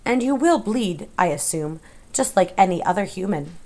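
A woman voicing a sly, menacing male rat villain in an audiobook, with smooth, coldly polite threats. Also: lowish voice, expressive, moderate pace, darkish tone, lightly acted. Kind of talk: audiobook character voice.

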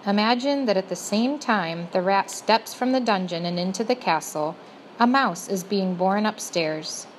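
Gently expressive woman reading a storybook. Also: medium pitch, normal speed, slight background noise, rough recording. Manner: addresses the listener directly, gently expressive. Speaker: audiobook narrator. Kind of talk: storybook narration.

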